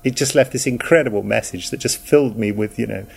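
Male producer, middle pitch, lively anecdote delivery. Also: quick pace, gravelly, breathy edge. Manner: animated storytelling, quotes others. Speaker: producer and writer.

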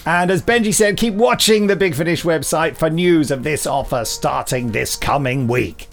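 A man's voice: on the high side, normal speed, vocal fry, faint music behind. A man hosting a podcast in casual chat, self-deprecating and playful, with frequent restarts. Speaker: podcast host and writer-director.

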